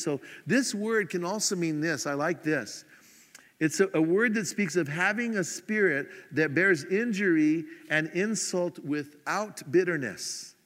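A man from the United States preaching a sermon in a casual, self-mocking way, acting out his own irritation in quick asides. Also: high-pitched, in a large hall. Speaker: pastor.

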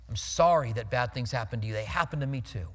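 A male pastor preaching a sermon in a conversational, storytelling way, emphatic, dropping his voice low for serious points. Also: lively intonation, fast talker, long reverb tail.

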